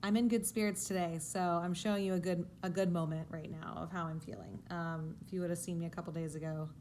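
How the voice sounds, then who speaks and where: A woman's voice: on the low side, fairly even intonation, quick pace, a little mellow, slight background noise. A young woman vlogging casually to a handheld camera, chatty and full of fillers, gushing with feeling. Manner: chatty, with many fillers and restarts; gushing and tearful over baby things. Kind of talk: casual vlog chat.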